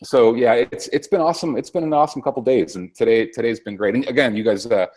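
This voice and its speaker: A man's voice: medium pitch, fast talker, darkish tone. A man in casual political talk-show chat, rambling and sarcastic, swearing often.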